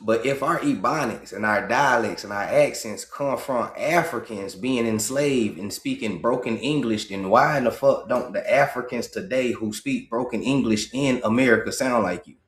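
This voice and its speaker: Male, Southern US accent from Georgia, livestream host, emphatic and profane monologue, middle pitch, roomy echo. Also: moderate pace, hardly any pauses. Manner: emphatic, profane, rising to excited high pitch.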